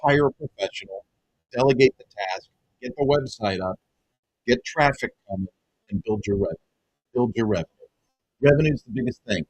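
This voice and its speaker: Excited, husky man pitching to viewers. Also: fairly quick, pauses often, rough recording. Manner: emphatic and repetitive, addresses viewers as folks. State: excited, half-yelling. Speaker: web design agency owner and coach. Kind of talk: energetic direct-to-camera pitch.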